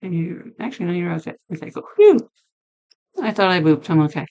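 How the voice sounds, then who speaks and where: A woman streamer chatting casually with her viewers, her voice deep and hoarse from being sick, laughing often. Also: racing, a little mellow, lo-fi sound. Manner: chatty, laughing, talks to chat by name. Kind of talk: casual chat reading stream chat.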